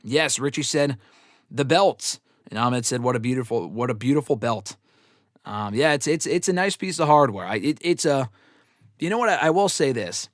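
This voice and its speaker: A man's voice: medium pitch, animated, moderate pace, no echo, clean studio sound. A man hosting a wrestling show, telling rambling, profane, self-deprecating stories in casual livestream chat. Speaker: wrestling show host answering fan questions.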